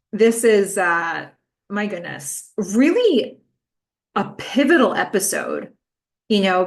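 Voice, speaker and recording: A woman hosting a podcast, giving a casual, chatty recap of a TV episode with frequent "like" and "um". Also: on the low side. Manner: chatty, fillers like "um" and "like". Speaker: podcast host.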